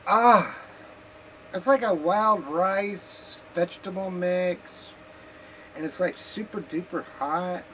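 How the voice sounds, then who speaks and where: A woman's voice: on the low side, slow. A woman vlogging in a casual, rambling, joking way from her home kitchen, sometimes talking while eating. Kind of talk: casual chat. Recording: noisy background hiss.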